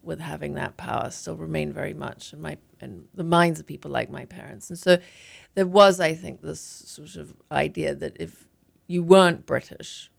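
A woman's voice: sits low, normal speed, gravelly. A woman author from Zimbabwe reading her memoir aloud and talking thoughtfully in an interview. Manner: thoughtful, with frequent restarts in conversation. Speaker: author and guest.

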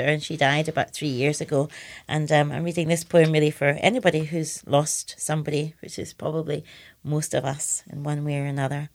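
A woman writer and poet from Scotland, talking reflectively and reading her poems in an interview. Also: low voice. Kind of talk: radio interview with poetry reading.

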